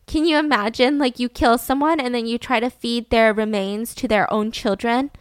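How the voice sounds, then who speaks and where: A woman's voice: fairly high pitch, fairly even intonation, normal speed, smooth, dry recording, studio quality. Giggly true-crime storyteller woman. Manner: chatty storyteller, giggly, acts out quotes. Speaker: podcast host. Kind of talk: casual true-crime chat.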